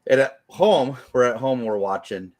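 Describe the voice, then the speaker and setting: A man's voice: mid-range voice, expressive, normal speed, darkish tone. A man in his thirties, a podcast co-host, rambling through a parenting story and tagging his lines with "right?". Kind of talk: casual chat, storytelling.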